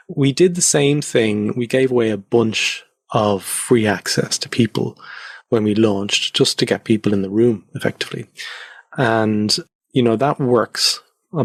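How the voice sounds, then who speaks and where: A male podcast guest with an Irish accent reflects loosely, using many fillers, in a casual interview recorded in his converted attic at home. His voice sits on the low side, and the recording is dry with clean studio sound.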